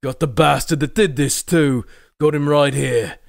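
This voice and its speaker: A man voicing a gruff, battle-worn warlord in an audiobook, growling and commanding. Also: fairly high pitch, measured pace, no room sound, clean studio sound, pitched above the performer's own voice. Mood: angry.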